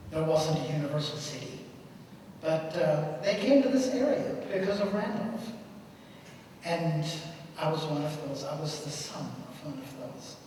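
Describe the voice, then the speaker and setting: Older man from Germany, folksy speaker, somewhat high voice, heard from far off in a big echoing hall. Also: darkish tone, slight background noise. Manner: jokey, folksy storytelling. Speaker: seminar speaker. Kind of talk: public talk to an audience. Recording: echoey hall, picked up from far off.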